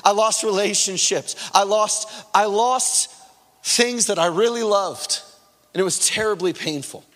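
A man's voice: high voice, unhurried, fairly bright tone. A man preaching an impassioned, earnest sermon with personal testimony. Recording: long reverb of a large hall.

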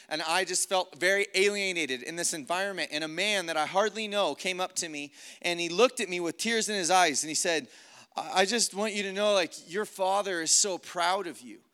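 A man's voice: high-pitched, pushed and bright, clean tone. A man preaching a sermon as pastor, often checking in with "right?" and building to emphatic peaks.

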